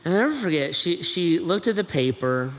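A man's voice: a little high, big pitch swings, fairly quick. A middle-aged man from Ohio, telling a personal story in an earnest, conversational way and often adding "right?". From Dayton, Ohio, USA. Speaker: speaker. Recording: echoey large hall, faint ambient noise.

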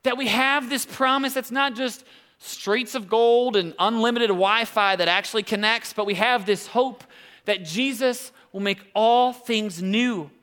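A man's voice: sits high, a bit bright. A young adult man giving a sermon, a pastor who tells a self-deprecating personal story to make his point.

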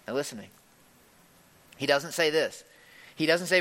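A man delivers an emphatic sermon, his voice high and bright, cutting through a hall with a long, lingering reverb. He swings between loud emphasis and hushed delivery. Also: normal speed. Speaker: pastor.

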